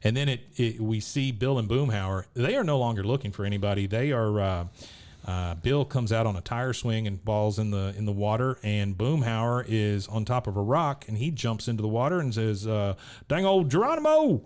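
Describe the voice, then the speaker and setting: A man's voice: on the low side, moderate pace, darkish tone. A man co-hosting a podcast, casually recapping an episode scene by scene and laughing at the characters. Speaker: podcast co-host.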